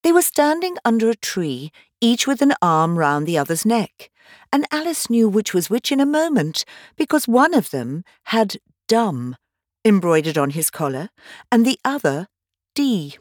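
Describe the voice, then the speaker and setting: A woman's voice: mid-range voice, sing-song, measured pace, no echo, studio quality. A woman in her thirties reading a classic novel aloud as a volunteer audiobook narrator, telling the story expressively. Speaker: volunteer reader.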